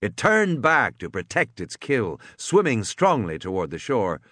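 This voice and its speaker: Expressive male audiobook narrator. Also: on the low side, measured pace, dry recording, clean studio sound. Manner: expressive storytelling with voiced characters. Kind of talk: audiobook reading.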